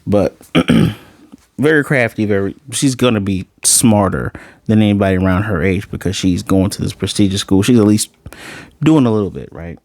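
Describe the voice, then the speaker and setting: A man with a fairly low voice chats casually through an episode review and retells scenes with amusement. The sound is dry, with no room echo. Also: normal speed, darkish tone. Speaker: anime reviewer.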